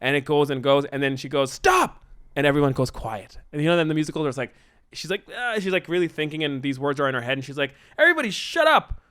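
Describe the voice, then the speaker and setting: A man brainstorming a story in casual chat, excitedly acting out the characters' lines. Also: on the high side, fast, clean tone, no echo, studio quality. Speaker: co-host writing a musical.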